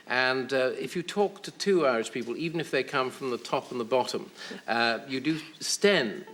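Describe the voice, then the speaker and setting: A man's voice: medium pitch, normal speed, a bit bright. Wry, hesitant man telling stories. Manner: hesitant, wry storyteller with many ums. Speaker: talk show guest. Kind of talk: anecdotal chat show interview. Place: television studio.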